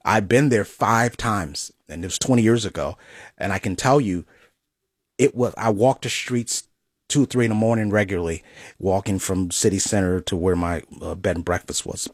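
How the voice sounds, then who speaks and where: A man's voice: lowish voice, moderate pace, husky, no room sound, clean studio sound. A man in casual political chat, speaking in an indignant, emphatic way.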